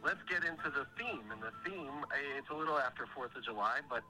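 A man's voice: medium pitch, animated, a little fast, bright, forceful tone, soft background music, low-quality recording. A man calling into a radio show, playfully quizzing the host in an upbeat way. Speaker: caller doing impressions. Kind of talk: call-in chat over the phone.

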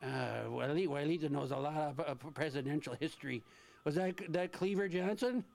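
A man hosting a casual radio segment, rambling and halting, often chuckling. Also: on the high side, gravelly, darkish tone, a little hiss or hum. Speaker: radio host.

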